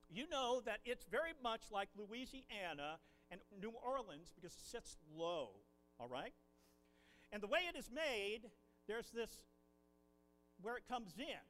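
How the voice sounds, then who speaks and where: A man's voice: high voice, long reverb tail, rough recording. A man from Ohio preaching a sermon from the pulpit, telling folksy stories. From Ohio, USA. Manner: folksy storytelling, animated. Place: church pulpit.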